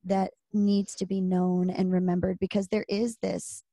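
A woman's voice: mid-range voice, level tone, a little slow, warm tone, dry recording, clean studio sound. A woman hosting a faith podcast, reflecting on and quoting scripture in a reassuring way. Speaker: podcast host. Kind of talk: podcast interview.

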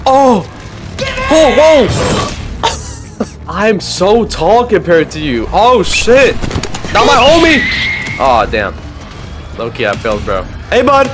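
A young man narrating his gameplay in a loud, excitable, trash-talking way, full of slang. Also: sits high, slow. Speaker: gaming video creator. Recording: game music underneath.

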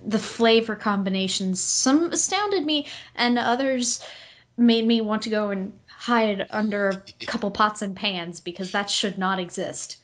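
A woman's voice: mid-range voice, measured pace. A woman with a Southern US accent, chatting as an interview guest in an easygoing, giggly, self-deprecating way. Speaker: guest, voice actress. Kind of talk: casual interview chat.

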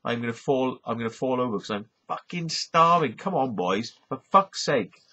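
Rowdy starving Welsh lad, loud and sweary, Welsh man putting him on, lo-fi, dull audio. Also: mid-range voice, animated, normal speed, husky. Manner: loud, profane, pleading. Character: hungry rowdy young Welsh lad craving chips. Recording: dull lo-fi recording.

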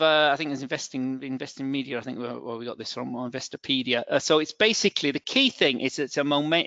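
With a northern English accent, this middle-aged man runs a live trading webinar, stumbling through fillers and restarts. His voice is mid-range and a bit bright, with no echo, though the dry webinar sound is dull and lo-fi.

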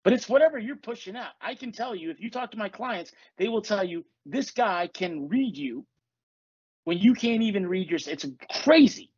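A man's voice: high voice, expressive, brisk, few pauses, a little mellow, slightly rough, no room sound, lo-fi sound. Blunt, cussing male podcast host. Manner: blunt, profane, confessional. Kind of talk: casual chat.

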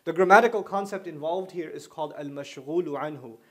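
A man's voice: fairly high pitch, a little fast. A man giving a religious lecture, explaining ideas through repeated everyday examples, joking and acting out what people say. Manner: animated, joking, acts out quoted speech. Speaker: Islamic lecturer.

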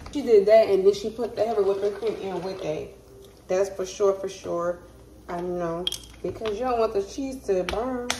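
A woman's voice: medium pitch, roomy sound, background noise. A woman cooking in her home kitchen, chatting casually to viewers and humming as she goes. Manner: chatty, talks to viewers as "y'all", hums while cooking. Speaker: cooking vlogger. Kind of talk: casual cooking vlog talk.

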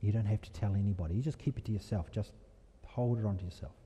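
A man voicing a kindly male vicar who speaks softly in a gentle, coaxing way, heard in an echoey hall. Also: lowish voice, fast, voice pushed down, natural voice. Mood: reassuring.

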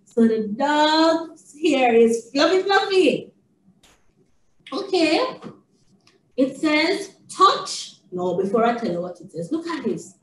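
A woman reads a touch-and-feel book to a toddler in a high, slow, sing-song voice. She is heard from a distance in an echoey room. There is a light hum behind her. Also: very animated. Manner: sing-song, exaggerated praise and questions. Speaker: early childhood educator. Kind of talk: reading a picture book to a young child.

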